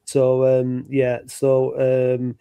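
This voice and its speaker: A man hosting a podcast, chatting casually and halting with many fillers. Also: mid-range voice, completely flat delivery, creaky, mellow, clear, resonant tone. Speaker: podcast host. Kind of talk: casual chat.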